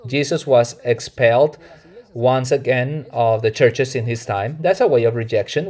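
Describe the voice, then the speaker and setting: Earnest preacher, Mexican Spanish accent. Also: male voice, mid-range voice, a little mellow. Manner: earnest, measured preaching with self-corrections. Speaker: pastor. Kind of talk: sermon.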